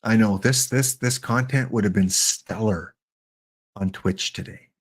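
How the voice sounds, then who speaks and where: A middle-aged man giving chatty, joking live-stream commentary while playing a baseball sim, excited and wired on coffee. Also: fairly low pitch, measured pace, husky. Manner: chatty, joking, talks to chat bots.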